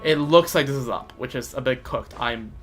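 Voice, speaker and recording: A man's voice: medium pitch, moderate pace, fairly bright tone, soft background music. A young man rambling casually while he plays a game, often stammering and repeating words. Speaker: streamer playing a game. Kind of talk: casual gameplay commentary.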